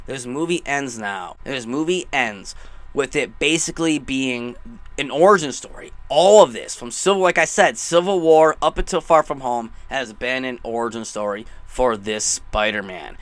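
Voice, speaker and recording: Bright, gushing young man reviewing films. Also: mid-range voice, moderate pace, no room sound. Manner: gushing, rambling, emotional. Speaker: movie reviewer. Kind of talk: excited casual movie review.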